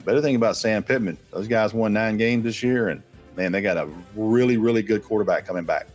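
A man's voice: fairly low pitch, a little fast, a little mellow, soft background music. A man, a guest analyst confidently rattling off football names and stats. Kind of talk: casual sports talk.

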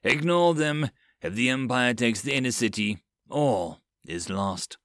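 A man's voice: mid-range voice, lively intonation, unhurried, fairly bright tone, no room sound, studio quality. A man voicing a ruthless city lord who gives curt, cold orders.

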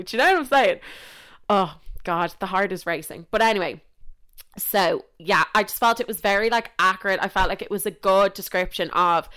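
A young Irish woman hosting a podcast in casual chat, animated and chatty, swearing freely and getting carried away. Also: mid-range voice, normal speed. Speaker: podcast host.

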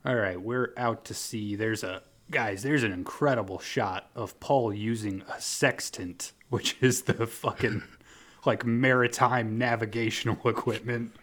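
A man's voice: on the low side, steady tone, a little slow, a bit bright. A man co-hosting a casual podcast, recapping a movie scene by scene, joking, swearing and laughing often. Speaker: podcast co-host.

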